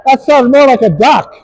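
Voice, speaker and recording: A man's voice: sits high, a little mellow, a little hiss or hum, rough recording. A man coaching players on the court, upbeat and encouraging as he calls out praise and instructions. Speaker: pickleball coach.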